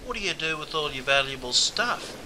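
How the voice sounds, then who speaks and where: A man with an Australian accent narrates a comedy script in a chummy way, tossing in "mate" constantly. His voice sits a bit high, and there is clear noise behind him. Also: lively intonation, brisk. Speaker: narrator and host.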